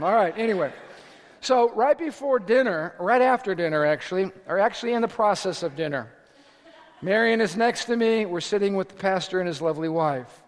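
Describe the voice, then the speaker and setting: Middle-aged male pastor, high tenor, animated sermon storyteller, reverberant hall sound. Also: fairly quick. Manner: animated storytelling with shouted asides. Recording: echoey hall recording.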